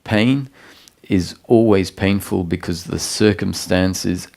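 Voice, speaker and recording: A man with a deep, gravelly voice speaks as a spiritual teacher at a satsang. He explains ideas slowly and calmly, pausing and restarting as he searches for the right words. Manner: calm, explanatory, with frequent pauses and restarts. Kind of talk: satsang talk.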